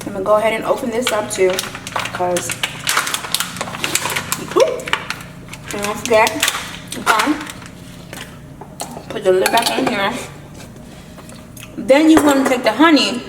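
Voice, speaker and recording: A woman chatting to camera while she cooks and eats in her home kitchen, savoring the food with long drawn-out hums. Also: a little high, reverberant, recorded from a distance, background noise. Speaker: lifestyle vlogger. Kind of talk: casual chat to camera while cooking.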